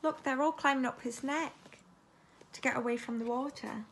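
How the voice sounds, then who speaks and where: A female teacher with a voice that sits high reads a storybook aloud expressively at a moderate pace, occasionally asking the children questions. There's a slight hiss or hum in the recording.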